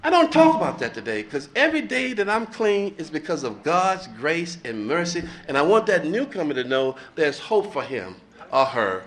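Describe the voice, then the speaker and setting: A middle-aged man giving a blunt, profane, animated speaker share at a recovery meeting, laughing between lines. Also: fairly high pitch, normal speed, hardly any pauses. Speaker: recovering addict sharing at a meeting.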